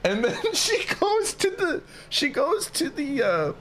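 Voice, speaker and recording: A man's voice: very high-pitched, slow, faint music behind. A man streaming a game while he chats and tells a story in a casual, slangy way, often breaking into laughter. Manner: animated, laughs through the telling, slangy.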